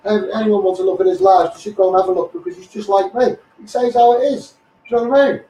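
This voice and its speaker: A man with a Scouse accent rants bluntly into a live stream. His voice sits high. He sounds a little away from the mic in an echoey room. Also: steady tone, fast talker, dark tone, recorded from a distance. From Liverpool, England. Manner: blunt, combative, repeats "you know what I mean". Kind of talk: ranting live stream monologue.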